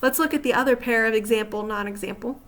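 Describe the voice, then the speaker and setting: A writing teacher, her voice fairly high, a bit bright, and quick, works through grammar lesson slides with patience. She keeps explaining and regularly checks in with rhetorical questions.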